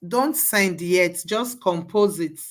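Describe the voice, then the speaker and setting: A woman's voice: fairly low pitch, slow. A woman leading a live class, walking students through each step and repeating herself to coax them along. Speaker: bootcamp instructor.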